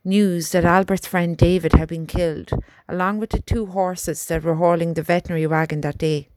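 A woman narrating an audiobook in a measured, expressive storytelling manner, on a close studio mic. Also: lowish voice, background noise. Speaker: audiobook reader. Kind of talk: scripted narration.

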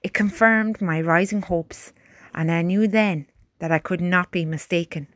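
A woman narrating a storybook in a calm, earnest way. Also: on the low side, unhurried, no echo. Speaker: audiobook narrator.

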